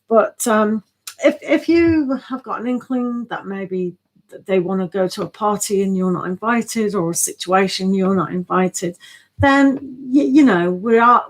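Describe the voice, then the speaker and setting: A woman's voice: mid-range voice, rough recording. A woman giving a casual tarot reading on a live stream, chatty and thinking aloud, laughing often.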